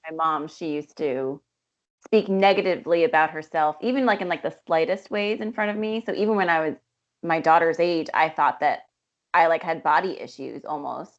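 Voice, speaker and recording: Woman, podcast co-host, low voice, reflective, rambling, dull lo-fi recording. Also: normal speed. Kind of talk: podcast conversation. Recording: dull lo-fi sound.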